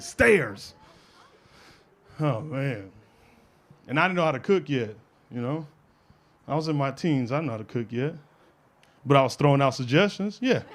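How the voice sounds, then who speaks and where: A young adult man performing a brash, profane stand-up routine on a comedy stage, working the crowd. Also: on the high side. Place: comedy stage with a live audience laughing.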